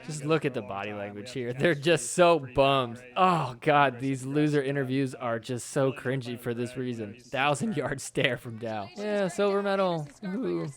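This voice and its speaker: A man's voice: medium pitch, normal speed, hardly any pauses. A man hosting a podcast, giving casual, teasing commentary over sports clips and laughing often. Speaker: podcast host.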